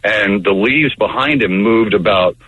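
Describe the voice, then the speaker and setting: A man's voice: on the low side, unhurried, fairly bright tone, lo-fi sound, a little hiss or hum. A man telling a long story as a guest on a casual radio chat, rambling with fillers and restarts.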